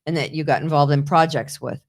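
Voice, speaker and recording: A woman's voice: deep voice, a little fast, creaky. A woman hosting a talk show, prompting her guest with probing questions. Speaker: host.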